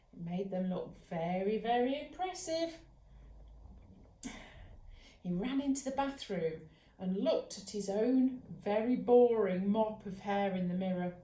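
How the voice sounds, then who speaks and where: Slow gentle woman reading a bedtime story. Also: mid-range voice. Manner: gentle, soothing, sometimes drops to a whisper. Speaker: children's author and dog trainer. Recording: roomy echo.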